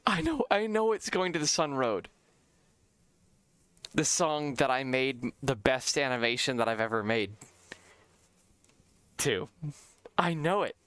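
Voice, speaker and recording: A man's voice: unhurried, pauses often, clear, resonant tone, dry recording. A young man streaming, telling a story in casual chat, acting out quotes and swearing casually. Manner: animated, acts out quotes with big pitch jumps; swears casually, repeats phrases.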